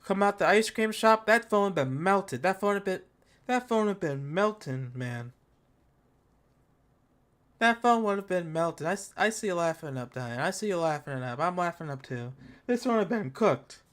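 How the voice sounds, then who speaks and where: A man's voice: high-pitched, lively intonation, moderate pace, a bit bright. A man hosting a tech channel, giving live commentary on a product event in a casual, slangy, joking rant and talking to his chat. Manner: ranting, joking, exaggerated mockery.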